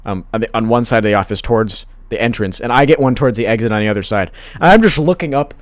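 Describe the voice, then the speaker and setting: A man's voice: mid-range voice, fast, no room sound. A young man tells a school story in a rambling, laid-back way, full of fillers and casual swearing. His voice sounds close and dry, with no room around it. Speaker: podcast co-host.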